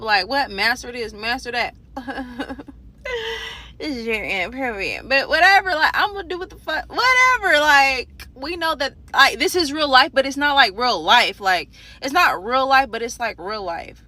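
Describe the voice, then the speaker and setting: A woman telling a profane, animated story in a casual storytime rant from a parked car, speaking into a phone. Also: high-pitched, moderate pace. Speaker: storyteller vlogger. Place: parked car in a parking garage.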